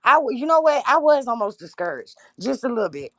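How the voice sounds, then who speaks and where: Impassioned gravelly-voiced woman livestreaming. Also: fairly high pitch, big pitch swings, a little fast, a bit bright, no room sound. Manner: impassioned, addresses viewers as y'all. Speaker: livestream host. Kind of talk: emotional livestream talk to viewers.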